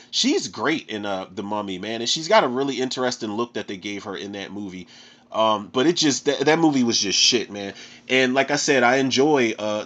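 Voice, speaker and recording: A man's voice: mid-range voice, a bit bright. A man hosting a podcast, talking about movies in a loose, profane casual chat and often saying "man". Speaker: podcast host and movie reviewer. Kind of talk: casual movie review talk. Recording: slightly dull lo-fi audio.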